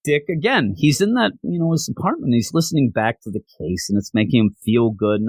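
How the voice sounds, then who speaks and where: A man's voice: mid-range voice, lively intonation, fairly quick, few pauses, husky, no echo. A man hosting a podcast, recapping a comic book in an enthusiastic, rambling way. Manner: enthusiastic, rambling, with many fillers. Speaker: podcast host.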